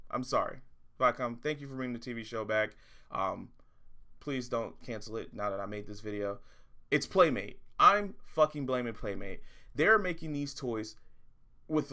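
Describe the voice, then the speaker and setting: A man's voice: mid-range voice, sharp tone. A man hosting a toy review vlog, ranting in frustration and swearing often. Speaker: toy reviewer, channel host.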